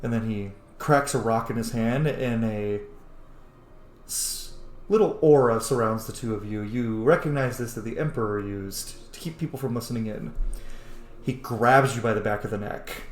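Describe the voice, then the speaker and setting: A man's voice: mid-range voice, normal speed, reverberant, soft background music. A man narrating as game master of a tabletop game, telling the scene in a loose, filler-heavy way.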